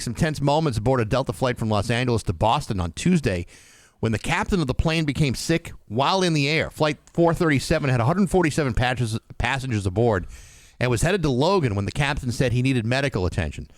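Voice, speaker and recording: A man's voice: medium pitch, lively intonation, fairly quick, dry recording, studio quality. A man co-hosting a morning radio show, chatting casually and reading a news item, sometimes stumbling over his words. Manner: stumbling restarts. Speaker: radio co-host and newsreader. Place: radio studio. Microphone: studio mic.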